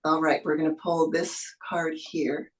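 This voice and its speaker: A woman's voice: low-pitched, flat delivery, measured pace, poor audio. A woman tarot reader giving an intuitive reading over a video call, soothing and encouraging, with spiritual phrasing.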